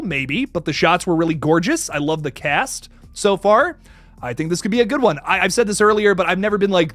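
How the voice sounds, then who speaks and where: A man's voice: high-pitched, a bit bright, no echo. A young man hosting a casual livestream who reads out viewer messages, laughs often, stumbles over his words and swears casually. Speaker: livestream host. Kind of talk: casual live chat reading viewer messages.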